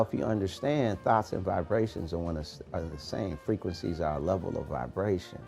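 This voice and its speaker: A man hosting a morning podcast, giving a preachy, animated motivational talk in street-casual phrasing. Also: sits low, creaky. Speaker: podcast host, motivational coach.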